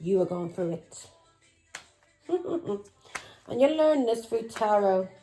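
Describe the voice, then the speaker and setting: A woman's voice: medium pitch, lively intonation, takes it slowly, mellow, soft background music, poor audio. Angry woman tarot reader. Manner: angry, accusing, swearing, with taunting questions. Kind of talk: tarot reading vlog.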